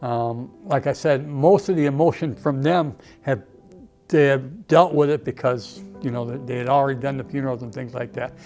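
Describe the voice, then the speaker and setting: A man's voice: mid-range voice, moderate pace, a little mellow, faint music behind. An older man, an Army veteran, reminiscing emotionally in a documentary interview, often saying "okay" and "you know".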